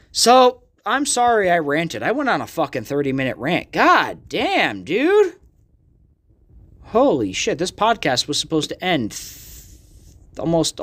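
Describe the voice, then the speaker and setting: A man's voice: fairly high pitch, a bit bright. A young man hosting his own podcast, ranting casually and swearing a lot, self-deprecating and loose. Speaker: podcast host and magician. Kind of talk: casual solo podcast rant. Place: art gallery.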